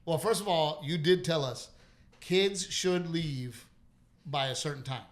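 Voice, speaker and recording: A middle-aged man from Texas, hosting a podcast and telling stories in an animated way, laughing often and swearing. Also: a little high, a little slow. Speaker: podcast host. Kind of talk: casual chat.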